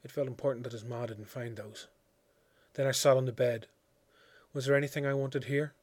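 A man narrating a literary story in a measured, quiet, reflective way. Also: mid-range voice, fairly even intonation, no echo. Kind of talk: audiobook reading of a literary story.

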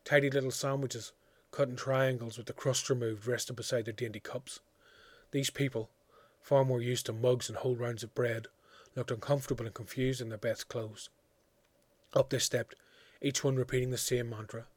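A man narrating a literary story in a measured, quiet, reflective way. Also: medium pitch, fairly even intonation, dry recording. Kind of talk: audiobook reading of a literary story.

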